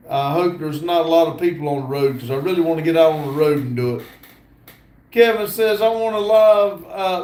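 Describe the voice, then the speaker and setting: A man's voice: sits high, a little mellow. An older man hosting a casual livestream, reading viewer comments aloud with lots of ums and uhs. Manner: reads viewer comments aloud with many fillers. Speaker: livestream host reading chat. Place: indoor room at a computer. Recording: echoey room.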